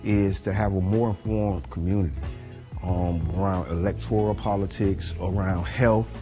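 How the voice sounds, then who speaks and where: A man co-hosting a community podcast, speaking in a measured, informative way. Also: sits low, fairly even intonation, mellow, soft background music. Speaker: podcast co-host. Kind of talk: casual interview talk.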